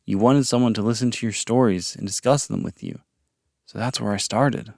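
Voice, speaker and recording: A man's voice: fairly low pitch, moderate pace, vocal fry, a little mellow, no echo, clean studio sound. A man voicing an earnest young male captive who speaks carefully and sincerely as he tries to befriend his captor.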